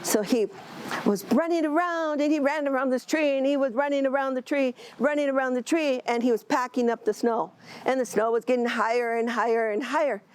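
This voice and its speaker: Expressive woman telling a traditional story. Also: high voice, a little fast, a little hiss or hum, low-quality recording. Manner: animated, expressive, with asides. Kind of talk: oral storytelling to an audience.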